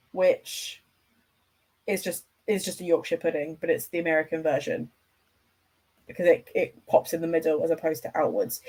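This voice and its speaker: A woman with a lowish voice, hosting a casual livestream from home. She rambles from thought to thought and talks with her viewers in a chatty, enthusiastic way. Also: darkish tone. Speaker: livestream host.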